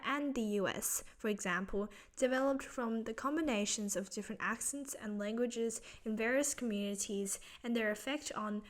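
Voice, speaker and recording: A woman from Singapore with an Australian accent gives a scripted educational narration. She explains in a clear, measured way. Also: on the high side. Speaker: teacher. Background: faint background music.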